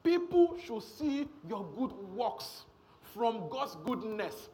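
High, lively preacher man. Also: takes it slowly, a little hiss or hum. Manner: emphatic, repetitive preaching with call-outs to the congregation. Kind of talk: sermon.

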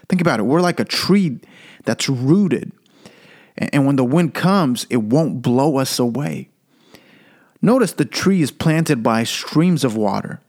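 A man's voice: mid-range voice, darkish tone. A man hosting a Christian podcast, giving an earnest devotional teaching and repeating key phrases for emphasis, with occasional stammered restarts.

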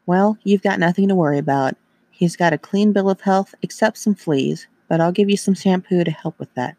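A man's voice: high-pitched, moderate pace, dark tone, no echo. A man reading as a kind young woman vet. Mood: reassuring.

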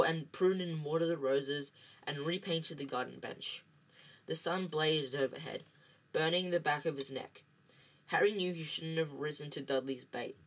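Someone reads a novel aloud in an amateur way, slipping on words, starting over and filling gaps with ums. The voice is mid-range and slightly bright, and the recording quality is low.

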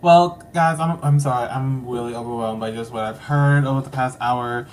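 A woman with a strikingly low voice hosts a podcast. She rambles playfully through her sign-off, leaning on fillers. A faint hiss sits under the recording. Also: normal speed, a little mellow. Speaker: podcast host. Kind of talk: casual sign-off chat.

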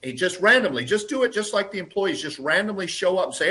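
A man in a conversational interview, telling workplace stories and acting out quotes in lively voices. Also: sits high, fast talker, few pauses. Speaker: guest, lean process consultant and trainer.

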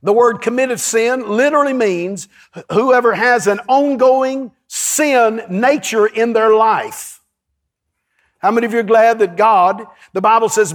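A male pastor, preaching a lively sermon in a church and calling out to his congregation. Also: very high-pitched, measured pace. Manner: lively, storytelling, calls to the congregation.

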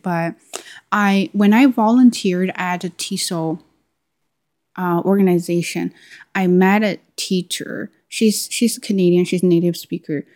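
A woman's voice: on the low side, darkish tone. A young adult woman hosting a podcast, telling a personal story casually and often stopping to restart her phrases. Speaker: podcast host.

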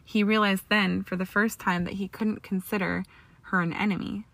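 A woman's voice: medium pitch, flat delivery, normal speed, vocal fry, a bit bright, dry recording. A woman steadily reading fan fiction aloud as storybook narration, with an occasional stumble. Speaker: reader.

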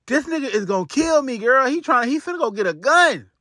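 A man's voice: very high-pitched, lively intonation, a little fast, pushed and bright, no room sound, studio quality, pitched above the performer's own voice, heavily acted. A man voicing a frightened woman who urgently warns her sister about a gun. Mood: panicked. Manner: urgent, pleading.

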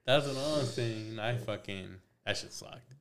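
Against crowd noise, a man with a mid-range voice speaks at a measured pace. He's a tattoo artist guesting on a podcast, spinning stories loosely and profanely with lots of slang and Spanish phrases, voicing both parties in past conversations.

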